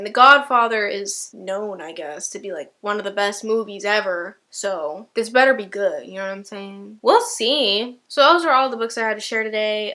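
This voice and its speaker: Chatty bright-voiced young woman vlogger. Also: mid-range voice. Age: 20s. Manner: chatty, rambling with lots of "like" and "you know", swears casually. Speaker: book vlogger. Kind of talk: casual book haul chat.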